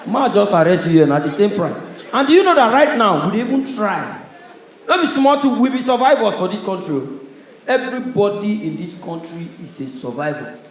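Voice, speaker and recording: Loud Nigerian stand-up comedian, echoey venue. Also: male voice, sits high, very animated, fairly quick. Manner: loud, punchy storytelling in pidgin. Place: comedy stage.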